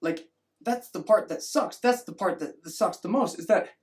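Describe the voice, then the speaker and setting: A man's voice: high voice, normal speed. A man giving a rambling opinion monologue as a vlogger, often restarting and acting out mocking voices.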